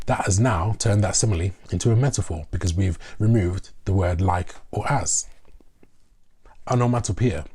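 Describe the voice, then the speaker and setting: Low, husky-voiced male teacher. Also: a little mellow. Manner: slow, deliberate, with fillers. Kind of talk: explanatory lesson.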